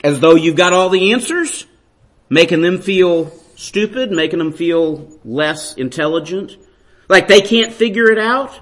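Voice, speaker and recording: A middle-aged man preaching a sermon, swinging from hushed to loud and asking his listeners pointed questions. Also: high voice, expressive, a little slow.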